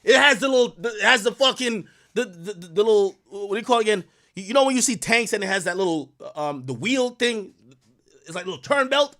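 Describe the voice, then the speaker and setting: A young man spins a story for his viewers in loose, profane slang. His voice sits high and jumps all over, from loud bursts down to muttered asides. The sound is close and dry, with no room around it. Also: brisk, no room sound. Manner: animated, profane, slangy, swings from loud exclaims to low asides. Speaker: show host.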